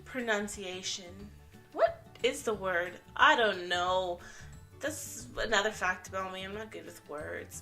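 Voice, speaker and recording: A woman's voice: mid-range voice, measured pace, bright, forceful tone, faint music behind. A young Canadian woman with an accent partly mixed with British English, chatting casually and rambling to the camera as she introduces herself. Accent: Canadian with some British English mixed in. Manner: chatty, rambling, self-mocking. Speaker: vlogger.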